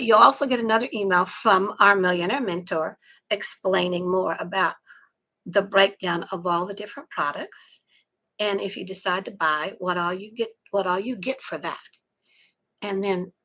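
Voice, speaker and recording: A middle-aged woman from South Texas with a Texan accent, chatting casually on a live stream, greeting viewers and pitching a webinar in a folksy way. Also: gravelly, pushed and bright, low-quality recording. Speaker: online marketing promoter.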